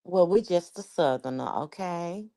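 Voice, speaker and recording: Brash New York woman, gravelly voice. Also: lowish voice, animated, moderate pace, dark tone. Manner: brash, chatty, profane. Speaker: live stream host. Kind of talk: casual live chat.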